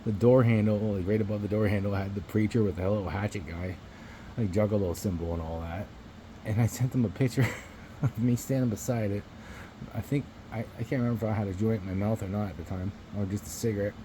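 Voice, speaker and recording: A man's voice: on the low side, fairly even intonation, quick pace, mellow, a little hiss or hum, rough recording. A man vlogging to his phone camera, telling a rambling story in a casual, profane way and chuckling between remarks.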